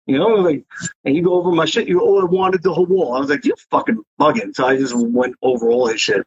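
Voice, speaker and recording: A man's voice: on the high side, quick pace, husky, no echo. A man telling rambling, profane stories as an interview guest. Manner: profane, rambling, animated storyteller. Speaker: interview guest, graffiti writer. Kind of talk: casual storytelling interview. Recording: dry, dull lo-fi sound.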